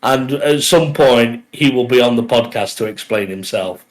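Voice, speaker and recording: On a low-quality recording, a podcast co-host with a mid-range voice talks at normal speed. His style is jokey and casual, with frequent laughter breaking up what he says.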